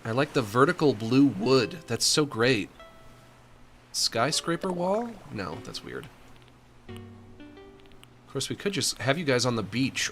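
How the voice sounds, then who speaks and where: A man's voice: mid-range voice, fairly bright tone. A man streaming a video game, chatting casually to himself and the characters as he decorates a room. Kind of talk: casual gameplay commentary.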